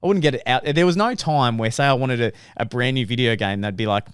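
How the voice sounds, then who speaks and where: A man's voice: medium pitch, fast, clean tone, no echo, studio quality. A young man, co-hosting a podcast in casual chat, swearing as he tells stories and mimics other people. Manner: storytelling, swears, mimics voices. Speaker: podcast co-host.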